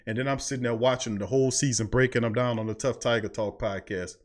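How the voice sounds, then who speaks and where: Speaking quickly with fairly even intonation at a medium pitch, a man holds forth on his sports podcast through a studio mic. His talk is preachy and heated, packed with Southern US slang and repeated lines for emphasis.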